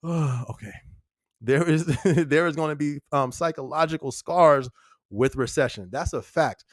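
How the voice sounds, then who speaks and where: Energetic laughing man on a live podcast. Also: fairly high pitch, normal speed, no echo, clean studio sound. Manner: energetic, laughing often, slangy and loose. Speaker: podcast host. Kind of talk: casual live-stream chat.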